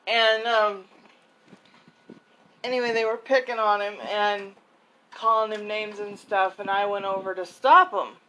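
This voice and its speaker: A young woman chats casually, adding short agreements before telling her own story. She speaks in a plain, steady way. Her voice has an ordinary middle pitch for a woman. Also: unhurried, long pauses, a little hiss or hum, poor audio. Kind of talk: casual chat.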